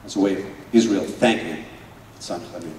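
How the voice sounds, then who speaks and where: A man playing an Israeli paratrooper telling a moving battle memory in a dramatic first-person monologue, earnest and swinging between loud urgency and hushed emotion. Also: sits low, moderate pace, slight background noise, lightly acted. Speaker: stage performer. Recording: echoey hall from far off.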